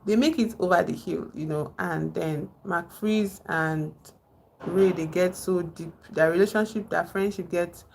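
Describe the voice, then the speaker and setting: A woman's voice: on the low side, measured pace, creaky, a little mellow, a little hiss or hum. A woman with a Nigerian accent hosting a casual livestream, rambling as she retells film scenes and greets viewers in the chat. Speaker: livestream host.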